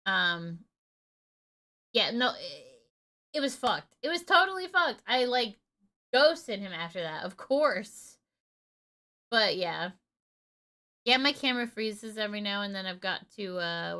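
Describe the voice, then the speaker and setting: A woman's voice: medium pitch, pushed and bright. A woman in her thirties streaming from home, telling a personal story in a casual, candid way and swearing freely. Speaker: gaming streamer.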